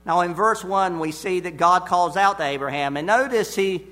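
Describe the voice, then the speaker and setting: A man preaching an expository sermon, deliberate and emphatic, repeating his key phrases. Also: high voice, bright, forceful tone.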